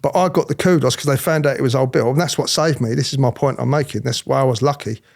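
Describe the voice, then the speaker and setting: A middle-aged man telling his story in an interview, animated, acting out other people's voices, often restarting his sentences. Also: medium pitch, fast, creaky. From England. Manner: animated, acts out quoted voices, frequent restarts. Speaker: interviewee, former police officer.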